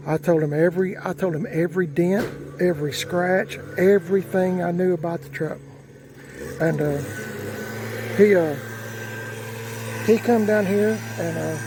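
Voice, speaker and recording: A man's voice: high-pitched, background noise. A man telling a rambling, folksy story outdoors, with lots of fillers and restarts. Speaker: vlogger. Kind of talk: casual storytelling.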